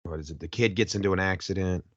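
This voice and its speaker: An American man co-hosting a podcast, talking casually and haltingly as he searches for his words. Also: low voice, dry recording, dull audio. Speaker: podcast co-host. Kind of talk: casual chat.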